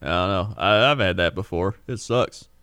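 This man has a somewhat low voice and a relaxed, agreeable way of talking. The sound is close and dry, with no room around it. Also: normal speed, smooth, no echo. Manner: easygoing, short agreeing replies. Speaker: podcast co-host. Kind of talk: casual chat.

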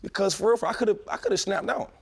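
Fast-talking man in his thirties, animated storyteller. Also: sits high, gravelly, breathy edge. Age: 30s. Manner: animated storytelling with slang and quick restarts. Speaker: former pro football player telling stories. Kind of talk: casual podcast chat.

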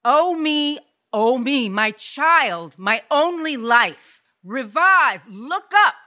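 A woman's voice: high-pitched, expressive, slow pace, sharp tone, heavily acted. A woman voicing an overdramatic actress playing Lady Capulet in a theatrical, melodramatic style.

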